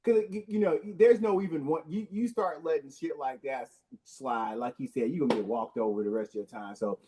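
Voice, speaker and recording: A man's voice: medium pitch, brisk, mellow, breathy edge. A male panelist, laid-back, swearing casually and stammering into his points.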